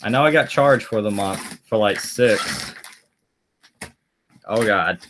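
A man's voice: on the low side, expressive, slow pace, background noise. A man chatting casually on a live stream, rambling and answering viewer comments aloud as he goes.

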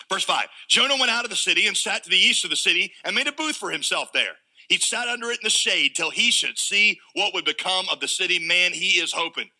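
A pastor preaching with lively humor, slipping into the voices of the people in his story. His voice sits high for a man, with a very bright, sharp tone. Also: fairly quick, low-quality recording. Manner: animated preaching, acting out biblical voices with humor. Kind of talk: sermon.

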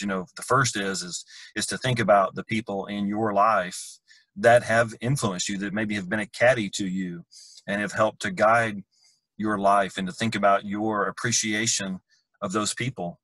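A man hosting an interview, asking questions and wrapping up in a measured, encouraging way. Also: on the low side, pushed and bright, dry recording, low-quality recording. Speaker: podcast host. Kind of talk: casual interview.

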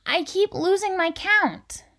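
A woman voicing Anger, a personified male spirit who speaks in a sly, conspiratorial way and turns soft. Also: extremely high pitch, animated, takes it slowly, voice pushed up, heavily acted. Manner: conspiratorial, later soft and whispery. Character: personified Anger, a male spirit friend, hotheaded then tired.

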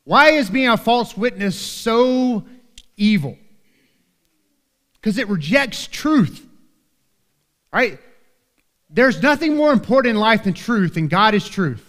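A man with a high voice preaches in a church, his words ringing with long hall reverb. He talks to the congregation in an earnest, conversational way and keeps asking "right?". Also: lively intonation, slow, long pauses, fairly bright tone. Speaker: pastor. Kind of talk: sermon. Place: church sanctuary.

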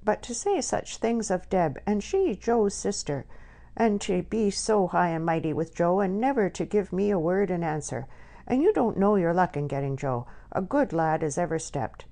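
Woman doing a sharp-tongued older countrywoman. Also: fairly low pitch, expressive, moderate pace, pitched above the performer's own voice. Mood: huffy. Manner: scolding, broad country dialect.

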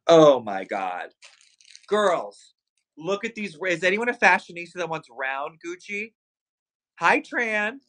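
A man hosting a live shopping stream, excitedly hyping luxury items and talking straight to his viewers. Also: high-pitched, a little slow, low-quality recording. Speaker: livestream shopping host. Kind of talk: live sales stream chat.

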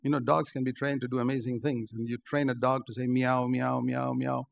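An older man preaching a sermon, emphatic, rising on key points and dropping low. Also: fairly even intonation, fast talker, vocal fry. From India. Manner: emphatic, rises to stressed points then drops low.

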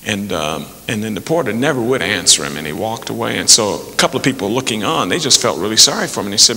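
A man telling folksy jokes to an audience in an unhurried way, slipping into voices for the people in them. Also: lowish voice, very animated, creaky, sharp tone, slight background noise. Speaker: storyteller. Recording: long hall reverb.

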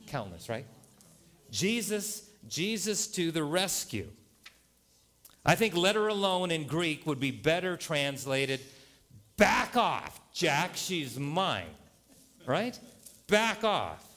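A male pastor preaching a sermon in a church, animated and joking, jumping to loud punchlines. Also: mid-range voice. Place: church sanctuary.

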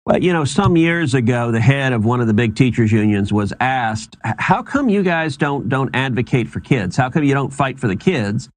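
A man's voice: medium pitch, animated, normal speed, hardly any pauses, no room sound. Indignant man repeating his words. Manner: stammering restarts, indignant. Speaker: politician interviewed on TV. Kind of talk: political talking points.

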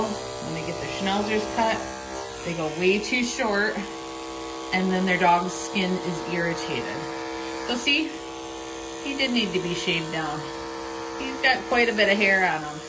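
Filmed on a handheld phone in her home grooming area, a middle-aged woman grooms her dog and chats casually, frequently switching to a sing-song voice to address her pets. She sounds lowish and animated but a little slow, pausing often, and the audio is very noisy.

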